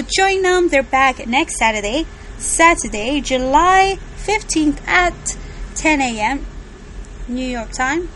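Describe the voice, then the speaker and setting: Giggly high bright-voiced woman. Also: slight background noise. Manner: giggly, chatty, laughs often. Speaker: podcast co-host. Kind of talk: casual fan podcast chat.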